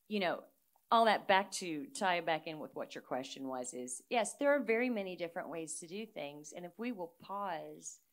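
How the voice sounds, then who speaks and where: A middle-aged woman chatting casually as a guest, an animated storyteller who laughs often. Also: sits low. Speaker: guest musician. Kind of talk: casual chat.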